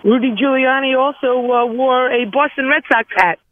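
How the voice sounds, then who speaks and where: A woman's voice: high voice, fairly even intonation, normal speed, slight background noise. Woman caller scolding over a tinny phone line. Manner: scolding, playful. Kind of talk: radio call-in.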